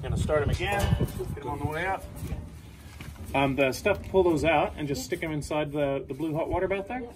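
A man's voice: on the high side, a little fast. A man, a cattle vet, chatting and joking as he explains his work in a cattle yard. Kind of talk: casual explainer vlog while working. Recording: loud music playing behind.

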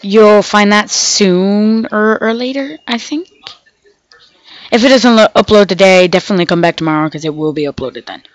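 A woman's voice: mid-range voice, moderate pace, no room sound, rough recording. A woman hosting a gaming channel, giving rambling casual commentary while she plays and talking to herself, sounding off because she is sick. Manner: rambling, chatty, talks to herself and the game animals.

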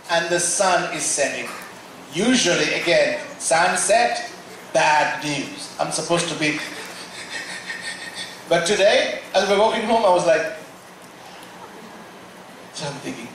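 A man giving a lively sermon testimony in a large church hall, acting out the voices in his story, heard from far off. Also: on the high side, measured pace, long pauses, slight background noise. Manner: animated storytelling, acting out quotes. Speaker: guest speaker.

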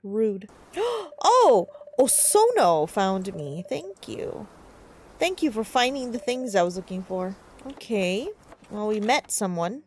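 A young woman giving casual let's-play commentary, excitable, squealing in delight and swearing when startled. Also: mid-range voice, a little slow, slight background noise. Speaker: gamer streamer.

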